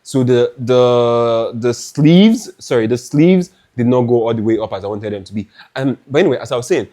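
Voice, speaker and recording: A young Nigerian man with a Nigerian accent, telling a lively, dramatic story in a chatty clothing haul vlog. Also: mid-range voice, normal speed. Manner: animated, dramatic, restarts often. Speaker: fashion vlogger.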